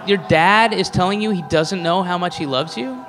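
A male stand-up comedian ranting in an incredulous, mocking, profane way, shouting at the peaks, live at a comedy venue. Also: high voice, moderate pace, background noise. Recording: live in a reverberant hall with audience.

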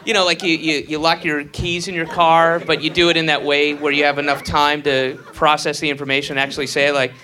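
A grown man doing a crude stand-up routine on a club stage. He rambles through fillers and restarts, then breaks into loud acted outbursts. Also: a little high, level tone, brisk, hardly any pauses. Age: adult. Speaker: stand-up comedian.

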